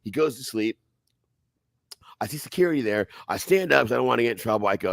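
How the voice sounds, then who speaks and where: A man on a podcast telling a wild fight story in a profane, animated way, acting out other people's voices loudly. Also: medium pitch, fast, creaky, no echo. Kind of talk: casual storytelling.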